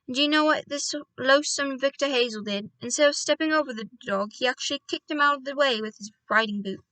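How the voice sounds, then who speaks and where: A woman voicing an excitable elderly country doctor who bursts into loud, indignant outbursts. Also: sits high, fairly quick, dry recording. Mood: gleeful storytelling.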